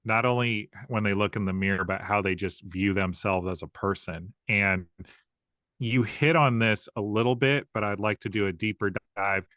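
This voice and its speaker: Male podcast host, measured and affirming, lowish voice, dry close recording. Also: fairly bright tone, no room sound. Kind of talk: interview questions.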